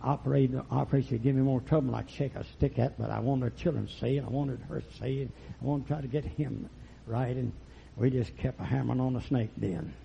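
A man preaching a fiery, folksy sermon that swings from low murmurs to loud shouts. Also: fairly even intonation, a little fast, vocal fry, slight background noise. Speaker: pastor. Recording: lo-fi recording.

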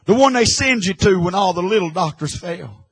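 Husky, impassioned male preacher. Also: high-pitched, lively intonation, normal speed, rough recording. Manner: impassioned, swings from hushed to shouting. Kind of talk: sermon.

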